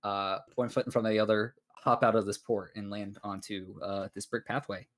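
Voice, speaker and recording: A man narrating as game master in a halting, laid-back way with many pauses. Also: on the low side, steady tone, a bit bright.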